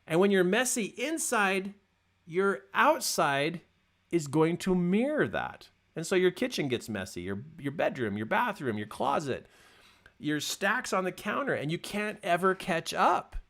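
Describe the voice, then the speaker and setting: A man's voice: high voice, unhurried. A man speaking as a coach in a motivational talk, telling stories with emphatic repetition. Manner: animated storytelling, emphatic repetition.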